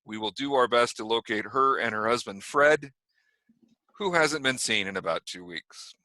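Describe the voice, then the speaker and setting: A man's voice: mid-range voice, normal speed, pushed and bright, no echo, lightly acted. A man voicing a formal, solemn male small-town sheriff with a New York accent in a tabletop game. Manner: formal official apology.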